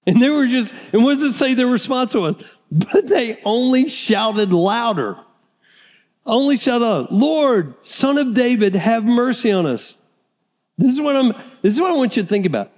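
A man preaching a sermon as pastor, animated, sometimes acting out the voices of people in the story. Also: very high-pitched, normal speed. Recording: reverberant hall.

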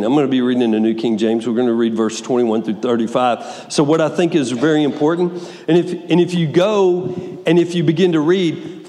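A man preaching a sermon, reading scripture aloud with lively swings between soft asides and raised, dramatic passages. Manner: lively, wide swings in pitch and loudness, reads scripture dramatically. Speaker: pastor. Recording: long hall reverb.

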